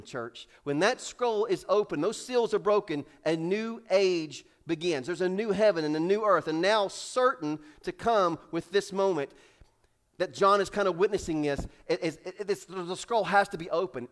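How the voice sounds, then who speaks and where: Male preacher, high voice; theatrical sermon delivery with loud peaks, soft drops and repeated phrases. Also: normal speed. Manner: preaches with rising, shouted dramatic build-ups and hushed drops; acts out characters in raised voices. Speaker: pastor. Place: church sanctuary.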